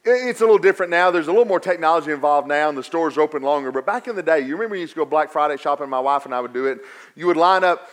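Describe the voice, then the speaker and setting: A man preaching a sermon, swinging from quiet stretches to raised, emphatic repetition. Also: fairly high pitch, racing. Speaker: pastor.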